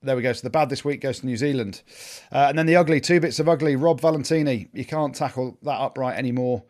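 A man's voice: mid-range voice, a little mellow. A man co-hosting a rugby podcast, bantering through the week's results in casual chat. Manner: brisk, jokey, banter. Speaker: podcast co-host.

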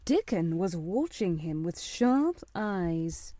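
A woman narrating a storybook in a measured, steady reading voice. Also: on the low side, dry recording. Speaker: audiobook narrator.

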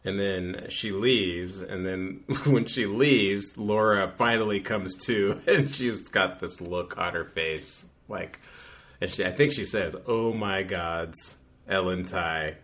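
A man's voice: sits low, slow pace, fairly bright tone. A man co-hosting a podcast, recapping an episode in a rambling, casual way with many fillers and restarts. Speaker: podcast co-host.

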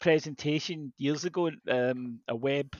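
A man with a high voice tells lively, sweary anecdotes as a podcast co-host, often restarting his sentences. The sound is dry and a little dull and lo-fi, with no room around it. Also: measured pace, no room sound. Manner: swears freely, animated storyteller with restarts. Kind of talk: casual chat, anecdotes.

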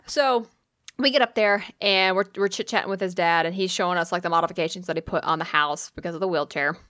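A woman's voice: on the low side, fast talker, fairly bright tone, no echo. A woman casually telling a funny story on a podcast, full of "like" and "bro", swearing freely and laughing along. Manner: profane, laid-back, heavy use of "like" and "bro"; laughs through her own story. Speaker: podcast co-host.

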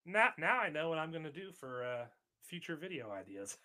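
A man's voice: fairly high pitch, big pitch swings, brisk, pushed and bright. A man chatting casually, joking and laughing often with sarcastic asides. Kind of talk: casual conversation.

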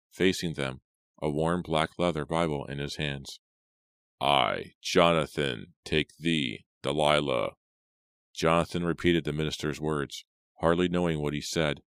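A man reading an audiobook in a steady, measured narration. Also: very deep voice, clear, resonant tone, no echo, studio quality.

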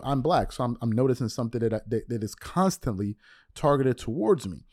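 A man's voice: medium pitch, a little fast. A man hosting a commentary show, talking in an impassioned way, repeating himself and building to exasperated outbursts. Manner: animated, repetitive, rising to exasperated outbursts. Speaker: show host.

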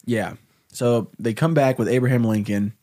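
A man's voice: mid-range voice, moderate pace, warm tone. A man in a casual brainstorming chat who talks in a playful, slangy way and jokes boastfully. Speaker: co-writer brainstorming.

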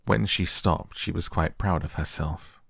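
A man reads a storybook aloud to help listeners fall asleep, gentle and unhurried. His voice is deep with a gravelly edge. The recording is close and dry, with no room sound. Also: no room sound. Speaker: audiobook reader. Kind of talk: soft bedtime audiobook narration.

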